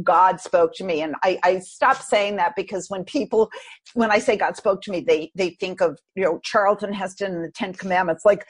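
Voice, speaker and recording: A woman guest on a podcast, telling a personal story in an animated, expressive way. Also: medium pitch, husky.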